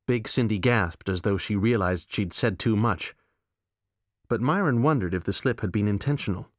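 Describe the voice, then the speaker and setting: A man narrating a novel in a measured, deadpan, wry way. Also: fairly low pitch, dry recording, studio quality. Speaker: audiobook narrator. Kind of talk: scripted narration.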